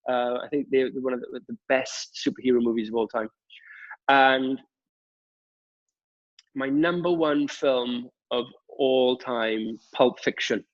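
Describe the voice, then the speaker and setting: A man's voice: mid-range voice, steady tone, unhurried, muffled recording. A Welsh man, a guest TV presenter, chatting casually with many fillers and restarts. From Wales. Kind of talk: casual chat. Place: at home during lockdown.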